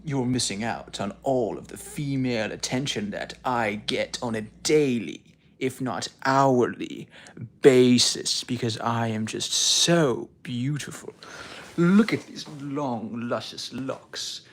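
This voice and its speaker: A man voicing a vain, boastful long-haired male influencer who drags out his words in a slow, pompous way. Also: mid-range voice, slight background noise. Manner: slow, pompous, drawn-out delivery.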